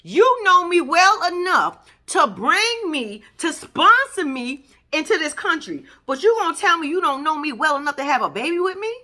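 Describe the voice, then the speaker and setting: High, lively, blunt-talking woman. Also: normal speed. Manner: blunt, profane, exasperated ranting. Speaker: reality TV reaction vlogger. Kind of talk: casual reaction commentary.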